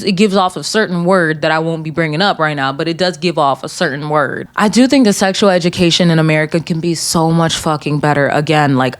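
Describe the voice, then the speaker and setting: Young woman podcast host, kinda low voice, swears a lot, blunt casual commentary. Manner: blunt and profane, reacting with animated asides.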